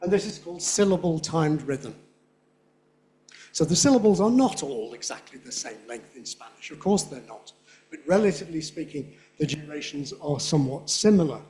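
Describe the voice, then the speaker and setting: Man, slightly high voice, conference lecture, chatty, spells out examples slowly. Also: warm tone. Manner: chatty, checks in with "yeah?", repeats examples slowly. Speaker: guest lecturer on English phonetics. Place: lecture hall with an audience.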